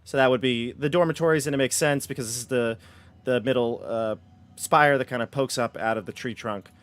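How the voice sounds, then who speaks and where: A man's voice: medium pitch, fairly quick. A man narrating as game master in a chatty, self-correcting way.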